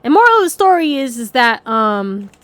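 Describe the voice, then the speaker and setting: A woman's voice: on the high side, big pitch swings, normal speed, fairly bright tone, no room sound. A young woman giving a casual pick-a-card tarot reading, chatty and rambling, swearing freely and laughing often.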